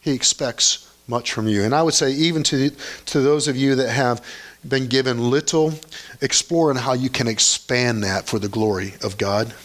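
A man's voice: mid-range voice, normal speed, fairly bright tone. A man preaching a sermon, reading scripture aloud and stopping to comment on it with rising emphasis.

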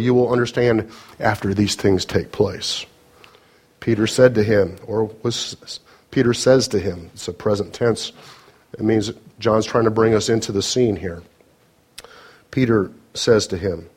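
A man's voice: mid-range voice, a little mellow, slightly rough. A man pastor reading scripture in a sermon with brief asides, then leading a prayer to a congregation.

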